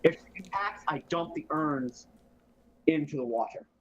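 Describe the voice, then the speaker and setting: A man's voice: a little high, animated, normal speed, dull audio. A man playing a tabletop game, eagerly declaring his character's bold actions. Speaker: player.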